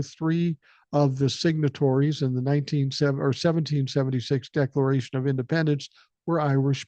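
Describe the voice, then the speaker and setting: A man's voice: on the high side, mellow, no room sound. A man in his sixties hosting a podcast, reading listener emails aloud and adding blunt, joking, profane comments in a casual way. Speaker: podcast host.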